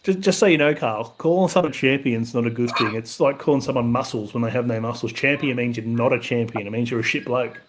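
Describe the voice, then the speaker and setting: A man's voice: medium pitch, quick pace, few pauses, a little hiss or hum. A man co-hosting a podcast, making blunt, wry remarks about a news clip. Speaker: podcast co-host. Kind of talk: casual commentary on a news clip.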